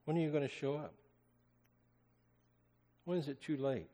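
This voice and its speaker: A man preaching a sermon as pastor, swinging between loud impassioned cries and hushed, almost whispered lines. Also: fairly high pitch, moderate pace. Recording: long hall reverb.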